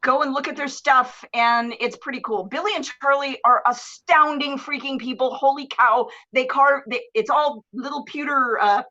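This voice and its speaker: A woman guest on a live streamed talk show, telling stories in a lively, casual way and acting out the people in them. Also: sits high, normal speed, hardly any pauses. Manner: animated, swears casually, acts out voices. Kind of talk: casual storytelling. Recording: dull lo-fi stream audio.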